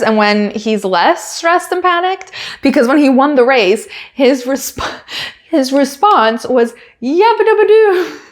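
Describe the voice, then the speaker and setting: Chatty woman podcast host. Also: mid-range voice. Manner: rambling, many fillers like "like". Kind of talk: casual chat.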